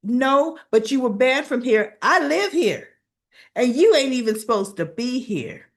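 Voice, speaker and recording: A man's voice: very high-pitched, sing-song, a little slow, a bit bright, exaggerated voice. A woman voicing an upset, defiant teenage boy who defends his family in an indignant, emphatic, raised voice.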